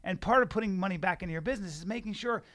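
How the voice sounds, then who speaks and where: Podcast cohost guy arguing, high pitched and rattling off words fast. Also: a bit bright. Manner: eager, argumentative, rapid-fire. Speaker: podcast co-host. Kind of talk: casual debate.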